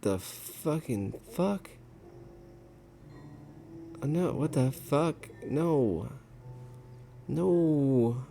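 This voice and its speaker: A man's voice: a little high, expressive, extremely slow, creaky, long pauses, warm tone, faint music behind. A man commentating a game he plays, reacting with exasperated swearing. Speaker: gamer. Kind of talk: let's play commentary.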